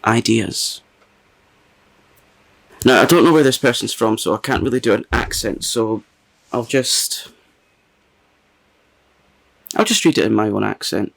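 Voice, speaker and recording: A man's voice: on the low side, measured pace, creaky, long pauses. A man hosting his own channel, chatting casually and reading a funny review aloud, often breaking into giggles. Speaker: ASMR channel host.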